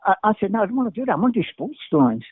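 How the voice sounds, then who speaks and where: An older Englishman, appearing as a guest, tells animated anecdotes very fast, leaping between stories and tripping over his words with stumbles and restarts. His high voice is husky with big pitch swings. The recording is dry and tinny, like a phone line.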